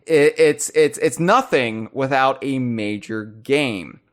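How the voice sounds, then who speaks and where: A man hosting a casual podcast, talking fast with loud, animated bursts. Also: mid-range voice. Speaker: podcast host.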